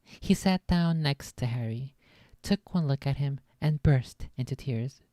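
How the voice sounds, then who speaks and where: A woman with a notably low, deep-set voice reads a novel aloud for her stream, tripping over phrasing and dropping offhand, swear-laced asides. The sound is dry and close, with no room to it. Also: measured pace, warm tone, no echo. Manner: stumbles on lines, laughs and swears in asides. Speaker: streamer reading a book aloud. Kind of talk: casual read-aloud on stream.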